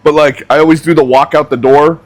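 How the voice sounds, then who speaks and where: A young man who cooks at a barbecue restaurant, telling a funny story in a casual, animated, self-mocking way as he works in the kitchen. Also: a little high, brisk. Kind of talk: casual storytelling while cooking.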